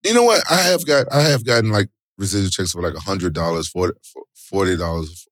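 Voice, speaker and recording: A middle-aged man with a fairly low voice talks casually in slangy speech as an interview guest. His storytelling turns animated, with loud exclamations. The sound is dry and close. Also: brisk, no room sound. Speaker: interview guest, former fighter and actor.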